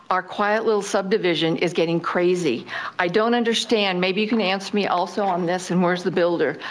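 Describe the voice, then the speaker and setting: A woman resident testifying at a public hearing, upset and halting, with many fillers. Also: fairly low pitch. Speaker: resident giving public comment.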